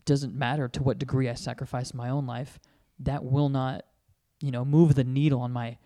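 Man, dark mellow tone, dry close sound, podcast co-host, explaining. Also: medium pitch, level tone, moderate pace, dry recording. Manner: explaining, checks in with "right?". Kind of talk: casual faith discussion.

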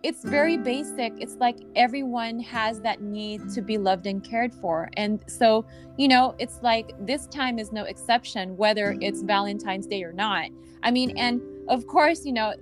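A woman coach hosts a casual podcast chat in a slightly high voice. She rambles, hunts for the right word and laughs easily. Music plays clearly underneath the whole conversation. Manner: rambling, searches for words with many fillers. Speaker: healing coach and podcast host.

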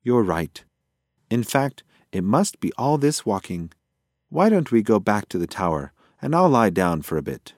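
A man's voice: fairly low pitch, very animated, measured pace, a little mellow, no echo, studio quality. A man voicing a playful, evasive older male mouse uncle with a cheerful, whimsical manner.

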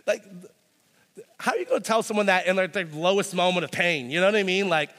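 A male pastor delivers a sermon in a relaxed, conversational way, leaning on "like" as he goes. His voice sits a little higher than most men's. The sound carries the long reverb of a large hall. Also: quick pace. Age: young adult to middle-aged, a parent. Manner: conversational, peppered with "like".

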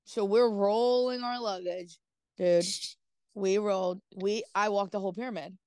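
A woman's voice: medium pitch, fairly even intonation, moderate pace, a little mellow, smooth, no echo. A woman co-hosting a podcast, telling a story in casual chat, rambling with lots of "like" and "dude" and casual swearing. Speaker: podcast co-host.

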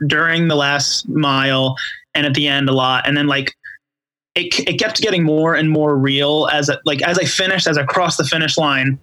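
A man guesting on a podcast speaks in a bright, fairly high voice, and the sound is dry. He tells his story from the heart, stopping and starting over often as he looks for words. The chat is casual and takes place over a remote call. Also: no room sound, low-quality recording. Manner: heartfelt, halting, many restarts.

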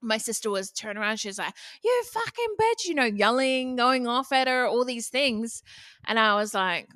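A woman's voice: on the high side, steady tone, normal speed, bright, forceful tone, clear, resonant tone, no echo. A young woman hosting a solo motivational podcast, talking bluntly and casually and swearing freely. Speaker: podcast host.

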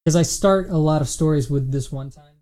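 A man's voice: on the high side, a little fast, mellow. A man co-hosting a podcast, chatting casually and telling stories, acting out the voices of people he quotes. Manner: storytelling, puts on voices for quotes. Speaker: podcast co-host. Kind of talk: casual chat.

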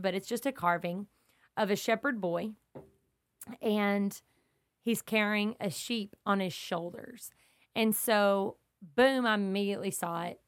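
A woman who is a mother and podcast host, teaching scripture in an earnest, emphatic, storytelling way that stays conversational. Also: medium pitch. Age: young adult to middle-aged, mother of kids.

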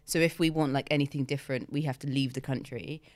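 A woman's voice: a bass voice, fairly even intonation, fast talker, no echo. A woman co-hosting a podcast, chatting wryly, often cutting in and laughing. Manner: wry, interjecting, laughs often. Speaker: podcast co-host. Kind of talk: casual chat.

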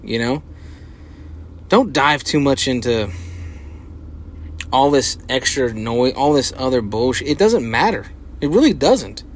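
A young male podcast host chats casually by himself, rambling, swearing, and leaning heavily on filler words. His medium-pitched voice is animated, his pace measured with long pauses, and a little hiss or hum sits in the background.

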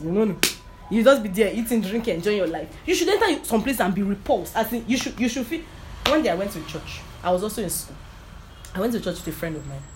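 A woman's voice: mid-range voice, noisy background. Emphatic woman preaching. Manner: repetitive, emphatic, often asks if listeners understand. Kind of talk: informal sermon with personal testimony.

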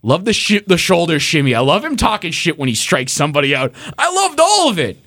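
A man's voice: fairly high pitch, very animated, a little fast, a bit bright, dry recording. A young man co-hosting a sports podcast, ranting sarcastically and swearing as he builds up heat. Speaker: podcast co-host. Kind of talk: casual sports podcast rant.

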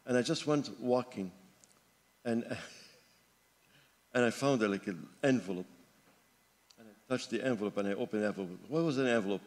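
A man's voice: moderate pace, pauses often. Fervent older man preaching in a reverberant hall. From Lebanon. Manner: fervent preaching, drops low and quiet for personal stories. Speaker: pastor. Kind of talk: sermon. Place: church sanctuary. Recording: long hall reverb with faint music.

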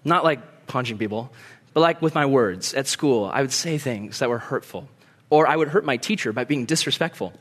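A young man preaching a sermon in an animated way, acting out quoted voices and laughing easily. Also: medium pitch, moderate pace. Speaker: pastor.

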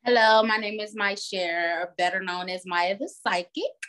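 A woman guest on a podcast who works as a psychic, describing her readings in a relaxed, casual way. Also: medium pitch, measured pace. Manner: relaxed, casual, calls people honey. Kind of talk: casual interview chat.

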